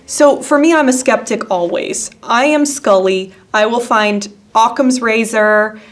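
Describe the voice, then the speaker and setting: A woman's voice: on the high side, measured pace. A woman co-hosting a podcast in casual chat, skeptical and sarcastic. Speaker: podcast co-host.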